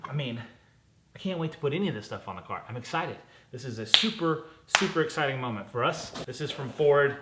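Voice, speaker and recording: A man's voice: medium pitch, animated, brisk, reverberant, heavy background noise. A man hosting a casual car parts unboxing vlog, talking in a chatty, upbeat way and correcting himself as he goes. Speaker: car channel host.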